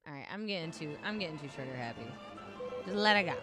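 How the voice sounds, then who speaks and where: A woman's voice: deep voice, expressive, fast talker. A young woman casually chatting and reacting to a video, rambling and swearing, reading viewer comments aloud. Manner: chatty, profane, rambling, reads chat aloud. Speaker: streamer. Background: music.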